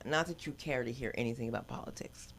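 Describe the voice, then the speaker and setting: A woman's voice: very deep voice, fast talker, creaky, a little hiss or hum. An older woman doing open-mic stand-up, telling brash, rambling stories and acting out quotes. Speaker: stand-up comedian. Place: comedy club stage.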